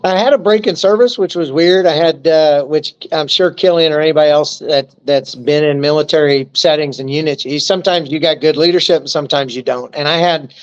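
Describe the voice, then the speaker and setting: A man's voice: fairly high pitch, brisk, few pauses, smooth, highs cut off. A man in his fifties, an army veteran, telling stories in a casual, joking interview. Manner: joking, easygoing storyteller who acts out quotes.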